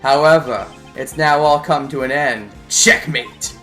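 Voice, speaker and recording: A man's voice: mid-range voice, a little slow, fairly bright tone, faint music behind, lightly acted. A man voicing a composed male prosecutor who makes cool, cutting declarations. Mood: accusing.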